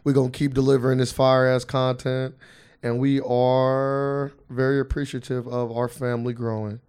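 A man's voice: mid-range voice, little pitch movement, normal speed, a little mellow, clear, resonant tone. A man co-hosting a casual podcast chat, teasing his partner and prodding him with questions, speaking. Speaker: podcast co-host.

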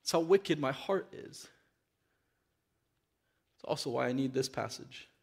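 A man's voice: medium pitch, a little slow, gravelly, slightly rough. A man preaching a sermon in a church, reading scripture aloud and then speaking earnestly and openly to the congregation. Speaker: pastor.

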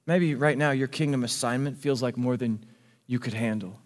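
A male pastor preaching a sermon, swinging between hushed, intimate passages and emphatic, rising declarations. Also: mid-range voice, normal speed. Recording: long hall reverb with faint music.

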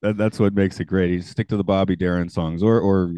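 A man hosting a podcast in casual chat, chatty and quick to laugh. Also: low voice, steady tone, dark tone, clear, resonant tone, dry recording. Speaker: podcast host.

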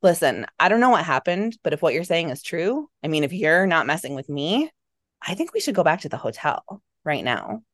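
A woman's voice: low voice, big pitch swings, moderate pace, fairly bright tone, dry recording, studio quality, exaggerated voice. A woman reading a worried young man's lines. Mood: tense. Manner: earnest, worried questioning. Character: young man, boyfriend, calm then uneasy.

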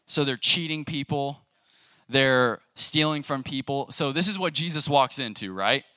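A man's voice: medium pitch, unhurried, pushed and bright, clean tone, no room sound, studio quality. A young adult man giving a conversational sermon as a youth pastor, casually asking the audience questions. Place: church youth service room.

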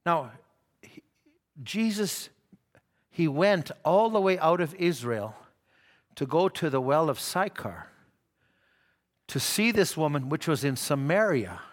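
A man's voice: on the high side, sing-song, slow, pauses often. A man preaching a sermon in church, telling stories and acting out the quoted dialogue.

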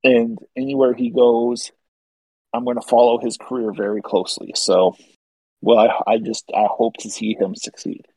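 A man's voice: mid-range voice, little pitch movement, moderate pace, dark tone, no echo, low-quality recording. A man co-hosting a casual sports podcast, talking eagerly and gushing about players he likes. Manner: enthusiastic, gushing about prospects. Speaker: podcast co-host. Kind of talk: casual hockey podcast chat.

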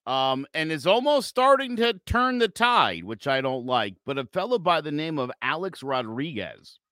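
A man co-hosting a casual sports podcast, animated and jokey. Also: on the high side, moderate pace, no room sound, clean studio sound. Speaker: podcast co-host.

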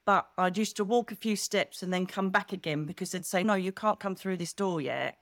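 A middle-aged woman talks as a podcast guest, animated and expressive as she tells her stories. Her voice sits at an ordinary pitch for a woman. The sound is dry and close, with no room echo. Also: brisk. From England. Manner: animated, expressive storyteller who acts out quotes. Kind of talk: casual chat.

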